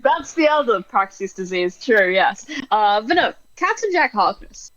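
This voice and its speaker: A woman co-hosting a podcast in casual chat, throwing in wry quick quips and swearing freely. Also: mid-range voice, sing-song, fairly bright tone, no room sound. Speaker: podcast co-host. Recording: dull lo-fi mic.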